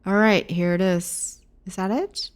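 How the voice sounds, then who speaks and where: A woman's voice: medium pitch, steady tone, a little slow. A woman game streamer reading a game aloud and chatting casually with viewers, often correcting herself. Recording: clear background music.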